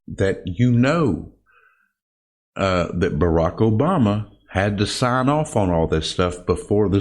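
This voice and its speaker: Low, slow-talking man giving political commentary. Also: darkish tone. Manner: emphatic, indignant, addresses listeners as folks; frequent restarts and fillers. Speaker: podcast host.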